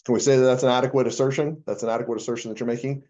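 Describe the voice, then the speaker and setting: A man's voice: medium pitch, steady tone, very fast, dark tone, dull audio. A male accounting professor giving a conversational university lecture, asking the class rhetorical questions with frequent fillers.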